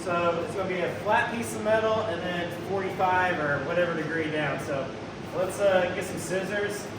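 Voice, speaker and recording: A man's voice: high voice, moderate pace. A man hosting a casual shop vlog, joking as he works in a garage. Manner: laid-back, joking, talks while working. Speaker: host, car builder. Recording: echoey shop, from far off, noisy.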